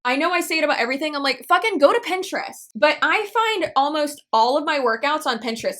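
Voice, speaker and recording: A woman's voice: high-pitched, fairly bright tone. A woman in her late twenties giving blunt, sarcastic reaction commentary and swearing freely. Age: 20s. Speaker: anti-MLM commentator.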